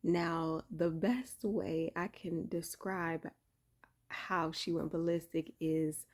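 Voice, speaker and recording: A woman casually telling a personal spiritual story indoors, keeping her voice low and soft so she doesn't wake her sleeping son. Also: fairly even intonation, slow pace. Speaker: vlogger sharing a spiritual testimony. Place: indoor room at home.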